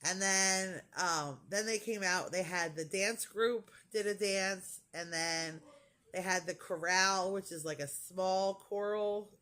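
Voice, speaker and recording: A woman's voice: mid-range voice, slow, a bit bright. Gushing, rambling woman vlogger. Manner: gushing, rambling storytelling with many fillers. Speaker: crafting vlogger. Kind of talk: casual chat.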